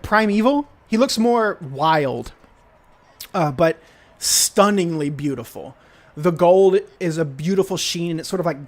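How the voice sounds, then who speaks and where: A young man narrating as game master, casual and hesitant, with many fillers. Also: sits high.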